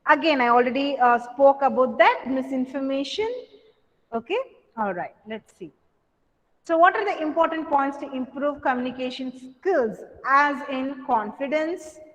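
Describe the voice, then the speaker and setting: A woman with a high voice teaches a class on communication, asking questions and repeating her points with frequent fillers. The sound is dull and lo-fi, with a long reverb from the hall. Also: moderate pace. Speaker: college lecturer. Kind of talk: classroom lecture on communication skills.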